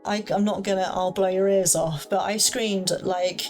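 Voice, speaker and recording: A woman's voice: mid-range voice, fairly even intonation, moderate pace, few pauses, darkish tone. Woman, young, chatty storyteller, faint music behind. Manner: chatty, rambling, lots of fillers. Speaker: paranormal storyteller. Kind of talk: casual storytime.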